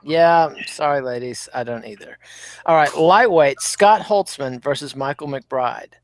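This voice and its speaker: A man hosting a casual fight podcast, running through the card in a brisk, wry way. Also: on the high side, no room sound. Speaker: podcast host. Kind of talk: casual chat.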